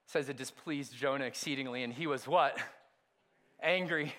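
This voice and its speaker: A pastor preaching a sermon, swinging from hushed, intimate lines to loud emphatic ones and asking the congregation rhetorical questions. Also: male voice, on the high side, normal speed.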